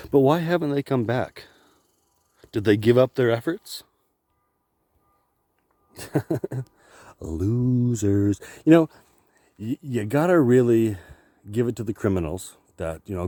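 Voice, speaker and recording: A man rambling through a loose, profane solo monologue, cracking himself up as he goes. His pitch swings widely and lively. The sound is dry and close to the mic. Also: no room sound. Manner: joking, profane, laughs often. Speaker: vlogger.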